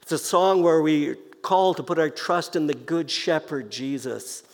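A man preaching a sermon as pastor, speaking slowly and deliberately and softly repeating key phrases. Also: a little high. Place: church sanctuary. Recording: long reverb of a church hall.

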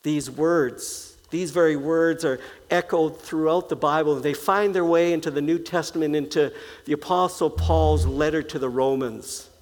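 A man preaching a sermon as pastor, speaking slowly and deliberately and softly repeating key phrases. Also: fairly high pitch, fairly even intonation. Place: church sanctuary. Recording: long reverb of a church hall.

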